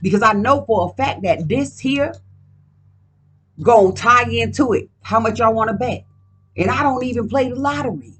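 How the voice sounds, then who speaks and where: A woman's voice: a little high, moderate pace, a bit bright, breathy edge. A woman doing a casual card reading at home, talking in a profane, emphatic, rambling way. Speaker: card reader.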